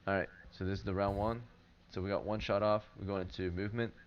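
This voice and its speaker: Low-voiced man running a tabletop game. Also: little pitch movement, quick pace. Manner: loose, filler-heavy narration with frequent "right?" check-ins. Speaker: game master. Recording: dull lo-fi stream audio with faint hiss.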